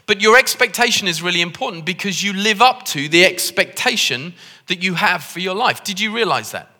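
A visiting preacher from Liverpool, England, with a matching accent, delivers a jokey, self-deprecating, conversational sermon into a handheld microphone in a church hall. His voice sits high and sounds expressive, fairly quick and sharp. The hall is reverberant.

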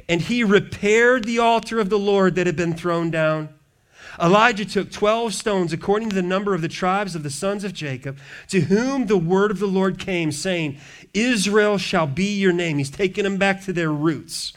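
A man preaching a sermon, reading scripture aloud and breaking off into joking asides, swinging from hushed to loud. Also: high-pitched, moderate pace. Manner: reads scripture then riffs with humor and asides. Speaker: pastor.

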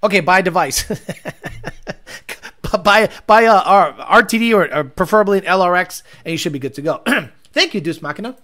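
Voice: medium pitch, lively intonation, moderate pace, pushed and bright. A livestream host reading viewer comments and ranting about car tuning with profanity and mockery.

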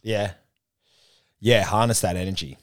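A young man with a low voice and a dry, close sound, talking loosely in a studio. He swears freely and acts out quotes with animation. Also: measured pace, no room sound. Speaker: podcast co-host. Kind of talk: casual chat.

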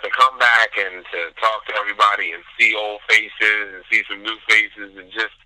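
A man's voice: fairly low pitch, flat delivery, normal speed, sharp tone, no room sound, poor audio. A man, a former college player, talking in an easygoing way as a guest on an interview. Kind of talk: casual interview chat.

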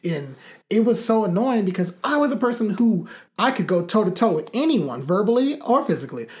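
A man's voice: high-pitched, sing-song, a little fast, darkish tone. A man co-hosting a casual chat, talking bluntly and emphatically, with profane and fiery rants.

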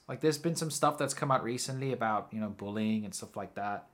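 A man's voice: lowish voice, brisk. A man hosting a solo podcast, telling a story in a rambling, casual way, swearing freely and often correcting himself. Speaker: podcast host.

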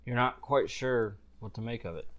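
A man narrating a tabletop game as game master, describing scenes slowly with fillers. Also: mid-range voice, fairly bright tone, lo-fi sound.

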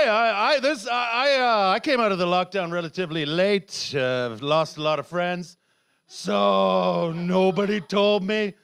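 A middle-aged man from Canada doing a live stand-up set, rambling and shouty, and laughing often. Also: very high voice, gravelly, smooth. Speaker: stand-up comedian. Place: comedy club stage.

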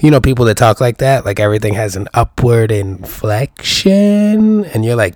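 A man's voice: mid-range voice, lively intonation, normal speed, few pauses, darkish tone, dry recording, studio quality. A young man hosting his own podcast, rambling through profane, jokey riffs full of rhetorical questions. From New York. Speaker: podcast host. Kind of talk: casual solo podcast monologue.

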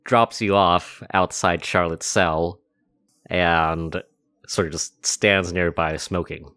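A man's voice: sits low, steady tone, slow pace, bright, forceful tone. A man narrating a tabletop game as game master, in a casual way with many fillers.

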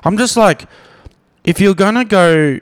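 A man's voice: high voice, a little slow, smooth. A man with an Australian accent, hosting a podcast in casual chat, rambling and often repeating words. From Brisbane, Australia. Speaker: podcast host.

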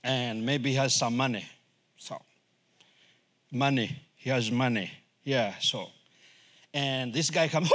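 A middle-aged man who is a missionary, preaching a sermon in English, which is not his first language, lively and acting out voices. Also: mid-range voice, takes it slowly, pauses often. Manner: animated, acts out voices and laughs often.

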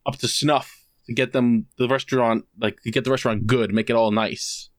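A man's voice: mid-range voice, fairly even intonation, moderate pace, no room sound, studio quality. A man co-hosting a casual podcast, telling a long story full of fillers and acting out the quotes. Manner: rambling storyteller, many fillers, acts out quotes. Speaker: podcast co-host. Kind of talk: casual chat.

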